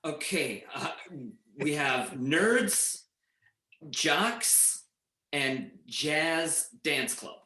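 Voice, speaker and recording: A man hosting an improv comedy match, calling games briskly. His voice is bright and fairly high. An echoey room surrounds him. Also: expressive. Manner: brisk, announcing. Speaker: improv match referee host.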